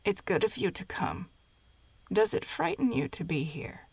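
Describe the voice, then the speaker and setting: A frail dying old grandmother, as a woman reader puts her on, hoarse and half-whispering, tender with a wry edge. The voice sits low, and it is recorded close and dry in a storybook reading. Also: measured pace, no room sound. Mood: weak. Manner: weak, murmured, breathy and hushed.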